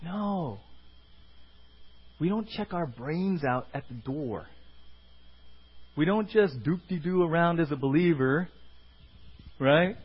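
A man delivers a sermon with a high, lively voice that climbs and drops all over. His tone is a little husky, and he slips into other people's voices as he quotes them. The recording sounds dull and lo-fi. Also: takes it slowly, pauses often. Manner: animated, acts out quoted voices. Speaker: pastor.

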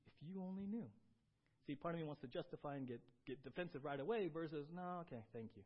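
A man preaching a sermon as pastor, shifting between quiet confession and loud, urgent exhortation. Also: on the high side, fast talker, highs cut off.

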